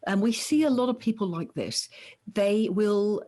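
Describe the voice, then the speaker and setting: A woman's voice: mid-range voice, measured pace. A middle-aged woman, a psychologist, explaining ideas in a conversational podcast interview and acting out the voices she quotes. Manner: animated, acts out quoted voices. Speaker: psychologist guest.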